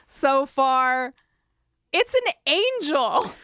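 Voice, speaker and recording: A woman co-hosting a podcast, quizzing her guests in casual, unhurried chat. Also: high-pitched, sing-song, fairly bright tone, no echo, studio quality. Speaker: podcast co-host.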